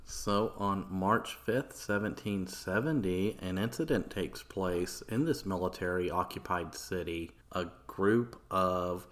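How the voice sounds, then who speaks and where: एक आदमी पॉडकास्ट होस्ट के रूप में अनौपचारिक अंदाज़ में इतिहास की कहानी सुना रहा है, बीच-बीच में गालियों और "like" जैसे भराव शब्दों के साथ।. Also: male voice, low voice, takes it slowly, hardly any pauses. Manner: casual, swearing, filler-heavy. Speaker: podcast host. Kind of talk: casual history storytelling.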